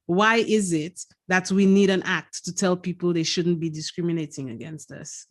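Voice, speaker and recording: A woman's voice: on the low side, steady tone, normal speed. Emphatic woman, ranting. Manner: emphatic, ranting, repeats herself. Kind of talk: casual podcast chat.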